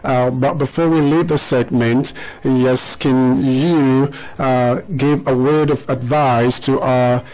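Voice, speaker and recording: A middle-aged man hosting a radio show, quick to praise his young guests and ask them to repeat things. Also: mid-range voice, fairly even intonation, darkish tone, poor audio. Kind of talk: radio interview with schoolchildren.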